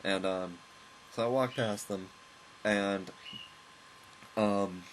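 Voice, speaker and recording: A man casually recounting a long, rambling story at home while commenting on a game, with chuckles and quick asides. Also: on the low side, steady tone, noisy background. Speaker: let's play host. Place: at home, with a loud pet bird nearby.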